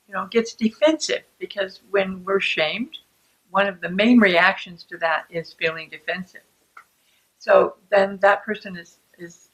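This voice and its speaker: Calm, deliberate woman teaching. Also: medium pitch, rough recording. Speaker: self-help author on shame. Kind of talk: explanatory talk to camera.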